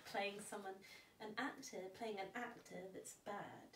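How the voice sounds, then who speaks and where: A woman's voice: mid-range voice, a little slow, fairly bright tone. A woman, chatting as a film guest and laughing often. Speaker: guest filmmaker and actress. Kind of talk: casual chat. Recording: roomy distant mic with faint noise.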